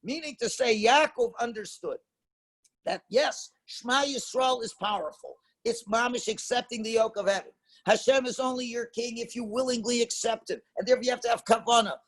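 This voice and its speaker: High-voiced man teaching a Torah class. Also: fairly quick. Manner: emphatic, rhetorical questions, mixes Hebrew and Yiddish terms. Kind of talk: Torah class lecture to a congregation.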